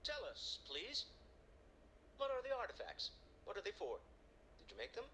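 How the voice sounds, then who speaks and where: Edgy spaceship crew guy, bright tense voice, jumps around in pitch. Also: huge pitch swings, moderate pace, slight background noise, heavily acted. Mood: urgent. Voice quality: urgent and questioning. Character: anxious male starship crewman.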